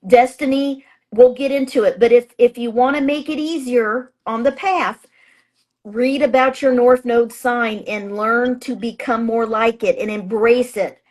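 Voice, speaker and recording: A woman's voice: fairly high pitch, fairly even intonation, measured pace, a little mellow. A woman astrologer and author being interviewed, talking in a chatty, emphatic way with plenty of fillers and restarts. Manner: acts out her own past thoughts in a raised voice. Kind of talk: casual interview talk.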